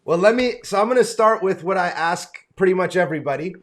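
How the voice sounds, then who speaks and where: An American man hosts a relaxed video-call interview with easy, eager friendliness. His voice sits a little higher than most men's. He sounds like he is cheering his guest on. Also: fast talker. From United States. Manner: enthusiastic, friendly, calls the guest brother and man. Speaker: interview host.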